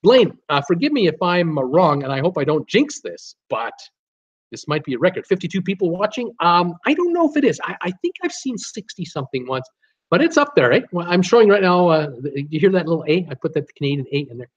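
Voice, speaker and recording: A man's voice: sits high, big pitch swings, fast, dull audio. A man hosting a casual livestream, chatting and reading out viewer comments while stumbling over names. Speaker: livestream host.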